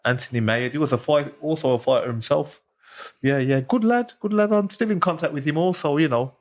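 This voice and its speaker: A man's voice: a little high, brisk. A man from the Black Country with its accent, a retired boxer chatting as a podcast guest, repeating phrases and saying "you know" often. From Smethwick, Black Country, England. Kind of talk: casual podcast chat.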